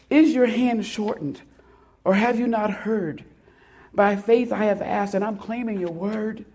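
A woman delivers a sermon at an unhurried, deliberate pace. Her voice is warm and mellow. She swells to forceful peaks and then drops to hushed, almost whispered lines. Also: medium pitch. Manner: dramatic, swelling loud then dropping to hushed near-whispers. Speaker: preacher. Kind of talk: sermon with a read-aloud poem.

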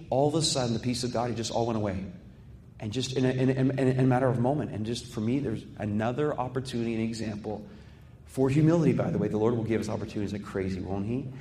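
A man's voice: medium pitch, warm tone, slight background noise. A male pastor preaching a sermon in a conversational way, with rhetorical questions and personal stories. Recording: echoey hall with long reverb.

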